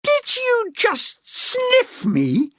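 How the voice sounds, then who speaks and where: A woman's voice: huge pitch swings, very slow, no room sound, heavily acted. A woman voicing an enraged woman solicitor who screeches and spits insults at a police desk officer. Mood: screeching. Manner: shrill, screeching, spitting with rage. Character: furious shrieking woman solicitor, middle-aged.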